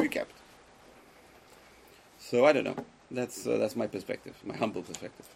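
A man giving a Torah lecture to a live class, speaking emphatically, swinging between loud exclamations and quiet asides, and putting questions to his listeners. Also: on the low side, creaky, slight background noise, rough recording. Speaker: Torah teacher.

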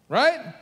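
A man preaching a sermon in a conversational way, repeating his key phrases for emphasis. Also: bright, forceful tone. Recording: long hall reverb with faint music.

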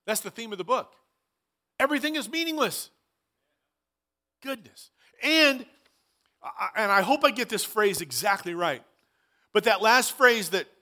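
A man's voice: high-pitched, sharp tone. A man in his sixties preaching a sermon as pastor, emphatic, repeating key phrases and dropping dry asides. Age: 60s.

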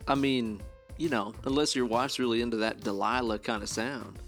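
A man's voice: mid-range voice, steady tone, normal speed, faint music behind. A man hosting a horror podcast, teasing his co-host with loose, profane banter. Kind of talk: casual comedic banter.

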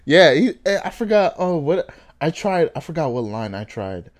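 A young man from Africa telling animated stories in casual chat, laughing often and acting out the quotes. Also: on the high side, moderate pace.

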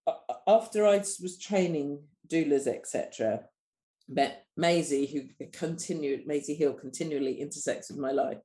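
A woman's voice: low-pitched, moderate pace, echoey room. A woman, a doula and coach, speaking bluntly and passionately in a candid podcast conversation. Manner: blunt, passionate, sweary, animated.

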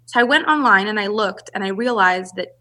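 A woman's voice: mid-range voice, lively intonation, a little fast, pushed and bright. A woman, a relationship and business coach, telling her story as a podcast guest and acting out the voices of people she quotes.

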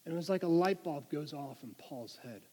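A man's voice: a little high, expressive, moderate pace, a little mellow, long reverb tail. A man preaching a sermon in an earnest, conversational way, often restarting his sentences.

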